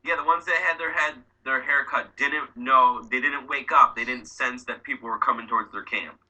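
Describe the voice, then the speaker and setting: A man's voice: mid-range voice, normal speed, pushed and bright, low-quality recording. A man co-hosting a podcast, chatting casually, joking around and swearing freely as he riffs on silly ideas. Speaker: podcast co-host. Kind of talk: casual chat.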